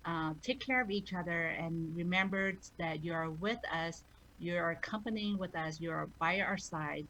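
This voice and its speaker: A woman's voice: on the low side, a bit bright, a little hiss or hum, rough recording. A woman religious sister speaking earnestly as a radio guest and offering a prayer. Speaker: nun, guest. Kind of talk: radio interview and spoken blessing.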